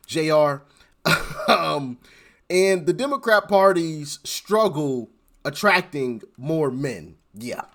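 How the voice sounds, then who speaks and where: Lively-voiced man doing casual commentary. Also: fairly high pitch. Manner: informal and chatty, talks straight to viewers. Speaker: commentary channel host.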